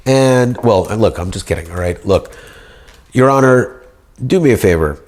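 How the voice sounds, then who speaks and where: Rambling, grandiose man, low-voiced. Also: lively intonation, normal speed, a little mellow. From United States. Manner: grandiose, rambling, speaks as if addressing a judge. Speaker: speaker pleading his case. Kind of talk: rambling monologue.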